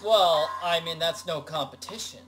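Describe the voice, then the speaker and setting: A man's voice: on the high side, normal speed. A man chatting casually and joking while hosting a video game walkthrough. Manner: joking, rambling banter. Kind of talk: casual gameplay chat. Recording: game music behind the voice.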